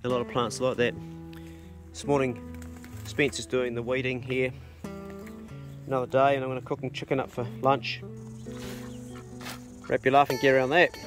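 A man's voice: medium pitch, little pitch movement, normal speed, pauses often, music in the background. A middle-aged man hosting a casual vlog outdoors on his farm, talking bluntly and swearing easily. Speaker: farm owner and channel host. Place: outdoors on a rural farm property.

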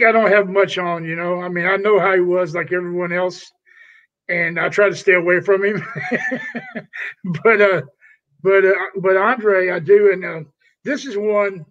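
A man's voice: high voice, fairly bright tone. An older man, a retired wrestler, telling rambling, profane stories in a casual interview and calling people "brother". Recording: dull lo-fi audio.

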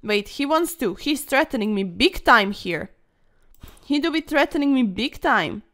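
A woman's voice: high-pitched, animated, measured pace, fairly bright tone. A young woman commentating her own online chess games in a playful, dramatic way, full of quirky slang and mock-formal asides. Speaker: chess streamer.

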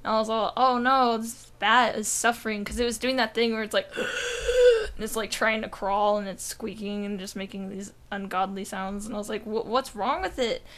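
A woman's voice: mid-range voice, steady tone, a little fast, few pauses. A young woman co-hosting a podcast, telling a rambling story in casual chat, full of "like" and swearing. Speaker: podcast co-host.

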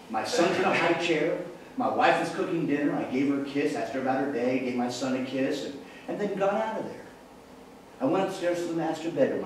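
A man's voice: medium pitch, a little hiss or hum. New guy preaching, jokey storyteller, really echoey church, mic kinda far off. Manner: animated, jokey, walks about the room. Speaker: evangelist preacher. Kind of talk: storytelling sermon with humor. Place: church sanctuary.

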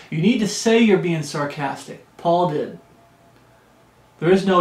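A male pastor preaching a sermon and reading scripture aloud, talking emphatically and slowing down to stress key phrases. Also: a little high, darkish tone. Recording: echoey room.

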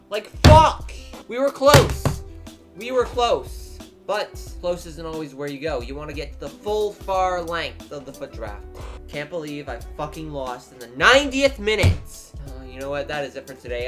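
Excitable swearing young man gaming. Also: high-pitched. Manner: excitable, swears a lot, swings from muttering to yelling. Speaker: gaming YouTuber. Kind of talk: live gameplay commentary. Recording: game music loud behind voice.

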